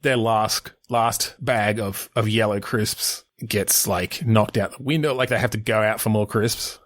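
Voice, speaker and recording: A man's voice: lowish voice, unhurried, a bit bright, no echo. A man co-hosting a podcast, brainstorming game ideas in casual chat, laughing often, swearing and restarting his sentences. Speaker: podcast co-host.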